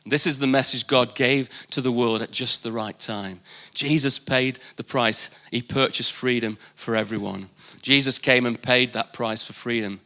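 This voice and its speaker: A man's voice: medium pitch, fairly even intonation, normal speed, pushed and bright. A man preaching a live sermon at a church service, emphatic, repeating key phrases for weight. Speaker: pastor.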